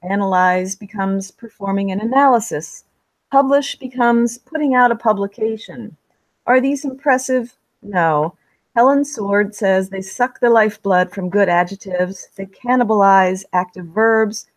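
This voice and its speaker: Woman giving a measured writing lesson, dry sound. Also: medium pitch, no room sound, poor audio. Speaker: writing instructor. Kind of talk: scripted instructional narration.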